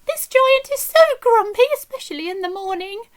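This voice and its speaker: A woman voicing a magical talking harp that begs to be rescued, in a high pleading voice. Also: normal speed. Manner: high, begging.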